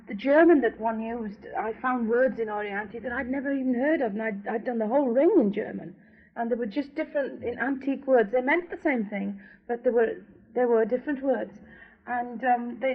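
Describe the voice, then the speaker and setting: A woman opera singer, a guest on a radio interview, telling lively anecdotes in a chatty way. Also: fairly high pitch, vocal fry. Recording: dull lo-fi 1970s radio recording.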